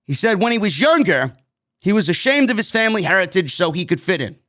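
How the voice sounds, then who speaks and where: A man's voice: high voice, big pitch swings, fast talker, pushed and bright. A man from New York hosting a casual live-stream wrestling review, recapping the show and giving blunt opinions in a chatty way. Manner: opinionated, chatty, recaps events then gives his take.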